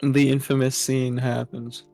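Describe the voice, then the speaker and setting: Brief: casual gaming co-host, mid pitch, loose jokey banter. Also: level tone, unhurried, vocal fry, darkish tone, soft background music. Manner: laughing, swearing, playful banter. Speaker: game player.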